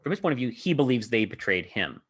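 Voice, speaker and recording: Talking quickly in a sing-song, slightly rough voice of medium pitch, a podcast host and game master casually describes a tabletop session he ran. He rambles, uses plenty of filler words and laughs often.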